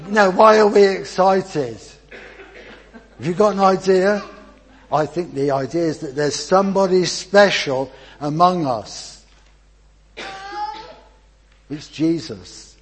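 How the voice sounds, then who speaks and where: An older man, a grandfather, leading a lively children's talk in church and drawing the congregation in. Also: high voice, slow pace, pauses often, breathy edge, rough recording. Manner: chatty and encouraging, with frequent restarts. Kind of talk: informal church talk with audience participation.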